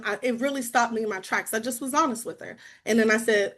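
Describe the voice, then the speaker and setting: A woman's voice: on the high side, fairly even intonation, fast talker, few pauses. A woman guest speaker giving a bubbly, chatty sales-training talk over a video call.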